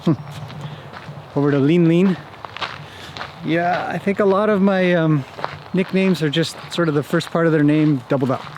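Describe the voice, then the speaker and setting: A horse trainer vlogger with a fairly high voice walks his farm and talks casually, both to the camera and fondly to the animals. He keeps a moderate pace with long pauses, and his voice is a little mellow. Slight background noise is present.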